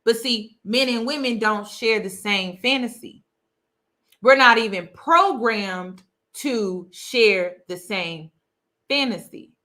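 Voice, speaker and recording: A woman's voice: a little high, slow, sharp tone. A woman hosting a casual commentary and talking straight to her viewers, emphatic and often repeating her key phrases for weight. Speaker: host.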